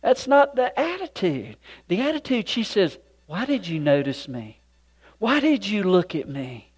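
A man preaching a sermon with folksy conversational asides, swinging from loud emphatic points to hushed, near-whispered moments. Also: high voice, very animated, a little slow, slightly rough. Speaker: pastor.

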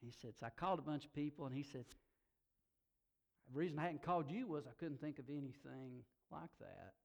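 This pastor, a middle-aged man, has a fairly high, expressive, creaky voice and speaks fairly quickly. His sermon weaves personal stories and laughter into emotional, emphatic climaxes.

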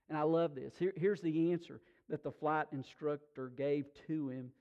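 A man preaching a sermon in a folksy, animated storytelling way, often restarting his sentences. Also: on the high side, moderate pace, hardly any pauses, muffled recording. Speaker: pastor.

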